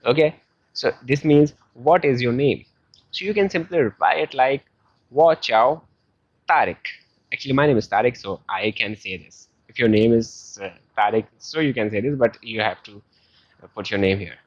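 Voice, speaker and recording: A man with a South Asian English accent teaching a beginner language lesson, explaining slowly and patiently with many fillers. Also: medium pitch, dry recording. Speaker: Chinese teacher. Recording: dull lo-fi sound.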